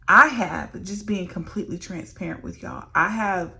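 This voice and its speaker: Earnest, gravelly-voiced woman minister. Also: fairly low pitch, normal speed, few pauses, bright, forceful tone. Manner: earnest, emotional, addresses viewers as "y'all". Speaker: licensed minister and vlogger. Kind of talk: candid faith testimony to camera.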